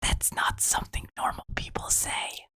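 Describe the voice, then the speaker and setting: A woman's voice: normal speed, pushed and bright, close to an everyday voice. Woman whispering as a foul-mouthed cartoon girl. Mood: scolding. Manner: scolding, profane. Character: sassy foul-mouthed female drawn character. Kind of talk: whispered role-play.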